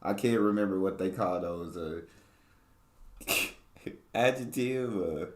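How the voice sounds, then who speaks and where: An American man hosting a casual reaction video, his commentary relaxed and full of laughing asides. His voice sits extremely low, and the room adds a noticeable echo. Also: slow. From United States. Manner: laid-back, laughing asides. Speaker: reaction channel host.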